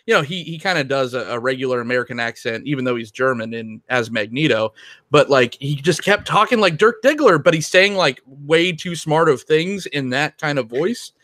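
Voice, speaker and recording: A man's voice: fairly high pitch, animated, normal speed, a bit bright, no echo. A man co-hosting a podcast, talking about films in a rambling way with lots of restarts and ums. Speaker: podcast co-host. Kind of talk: casual film discussion.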